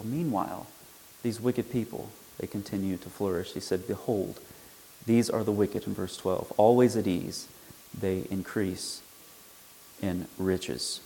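A man with a fairly low voice gives a measured Bible lesson. He walks through each verse steadily and punches key words with sudden emphasis. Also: mellow, slight background noise, rough recording. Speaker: Bible teacher. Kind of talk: explanatory Bible lecture.

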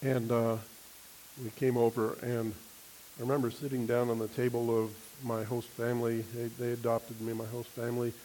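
A man preaching a sermon, telling a personal story with an animated manner and acting out other people's voices. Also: medium pitch, normal speed, slight background noise, low-quality recording.

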